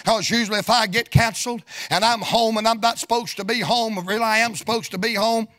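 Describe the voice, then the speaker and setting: A middle-aged preacher man with a high, ringing voice. He tells stories in a folksy, sing-song preaching rhythm and climbs into shouted bursts. His tone is bright and forceful. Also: steady tone, brisk. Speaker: evangelist preacher. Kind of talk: sermon storytelling.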